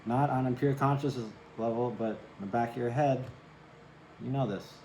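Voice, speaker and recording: Man, tarot reader, casual and chatty, mid-pitched voice, roomy sound. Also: normal speed, background noise. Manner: chatty, keeps asking "right?", curses and apologizes. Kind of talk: casual tarot reading to camera.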